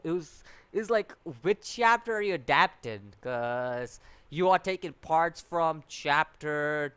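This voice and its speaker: Man, fairly high voice, casual review, rambling, restarts, exasperated. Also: fairly bright tone, clear, resonant tone, dry recording. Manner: rambling, repeats words, many restarts and fillers; exasperated, complaining. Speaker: anime reviewer.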